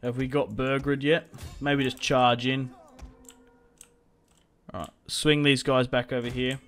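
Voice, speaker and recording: A man's voice: medium pitch, flat delivery, slow pace, a bit bright, faint music behind. Man muttering battle orders. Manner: chatty, muttering orders to his troops. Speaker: gaming video creator. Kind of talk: casual gameplay commentary.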